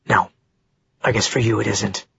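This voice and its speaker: A man's voice: on the low side, fairly even intonation, normal speed, creaky, breathy edge, lo-fi sound, voice pushed down, exaggerated voice. A man doing a fierce young shapeshifter. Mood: gentle. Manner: snarling in anger, soft when comforting.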